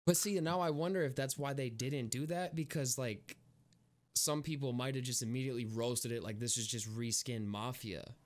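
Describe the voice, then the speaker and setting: A man's voice: mid-range voice, normal speed. Rambling young man co-hosting a podcast. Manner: rambling, laughs often, lots of "like". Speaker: podcast co-host. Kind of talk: casual chat.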